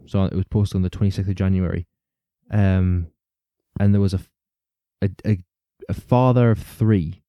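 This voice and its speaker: A man's voice: on the low side, dark tone, clear, resonant tone, no room sound. A man hosting a casual true-crime podcast, rambling along, laughing often and swearing now and then. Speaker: podcast host.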